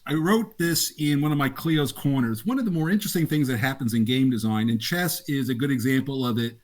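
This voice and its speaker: A man's voice: mid-range voice, fairly quick, slight background noise. An older man, a game designer, casually telling laughing anecdotes in an interview. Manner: animated, laughing anecdotes with acted quotes.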